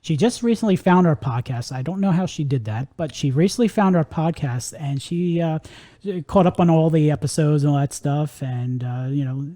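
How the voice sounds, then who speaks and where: A man in his thirties from New York with a New York accent, hosting a casual podcast chat as a quick, animated storyteller who laughs often. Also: a little high. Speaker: podcast host.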